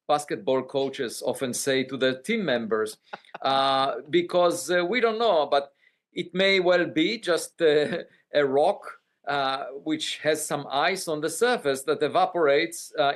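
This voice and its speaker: A man giving a measured news-interview answer as a scientist, with frequent hesitant pauses. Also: a little high.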